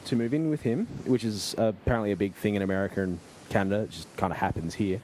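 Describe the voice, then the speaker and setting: Male podcast host, mellow tone, casual plot recap with faint noise. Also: lowish voice. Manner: recapping plot, halting restarts. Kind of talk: casual chat and episode recap.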